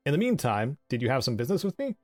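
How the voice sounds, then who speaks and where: A man's voice: mid-range voice, very animated, racing, darkish tone, faint music behind. A man voicing a tall muscular tanner who is guarded and curt with strangers.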